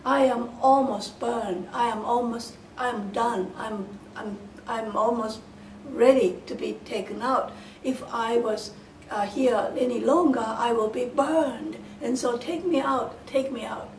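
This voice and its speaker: A woman's voice: on the high side, measured pace. A woman voicing a talking loaf of bread that urgently begs to be taken out of the oven, repeating herself. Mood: pleading. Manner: repetitive, begging. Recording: roomy, distant mic, faint hiss.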